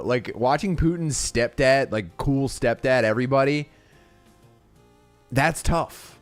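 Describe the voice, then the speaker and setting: A man's voice: mid-range voice, measured pace, faint music behind. A young man chatting casually on a livestream, rambling and swearing, reading chat and laughing often. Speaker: streamer.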